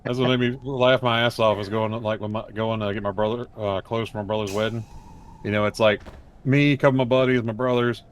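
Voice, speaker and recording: A man's voice: fairly low pitch, steady tone, quick pace, a little hiss or hum. A man co-hosting a casual chat, rambling through stories with lots of swearing and filler. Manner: profane, rambling storyteller who acts out quotes.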